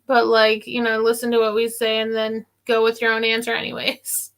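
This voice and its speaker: A woman's voice: on the high side, flat delivery, brisk, hardly any pauses, bright, forceful tone. A woman pharmacy worker in a casual live-stream chat, rambling and giggly with many fillers.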